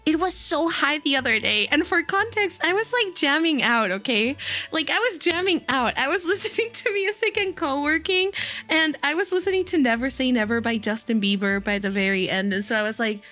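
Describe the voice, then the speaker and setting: A woman streamer chatting casually with her viewers, giddy and hyper, laughing often between unhurried sentences into a desk mic. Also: high-pitched, animated, pushed and bright, faint music behind. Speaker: VTuber streamer. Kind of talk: casual livestream chat. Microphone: desk microphone.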